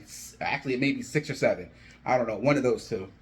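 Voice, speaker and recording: A man's voice: medium pitch, fast talker. A man casually narrating an imagined wrestling storyline, rambling and talking straight to his viewers. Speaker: wrestling fan vlogger. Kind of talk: rambling fan booking commentary.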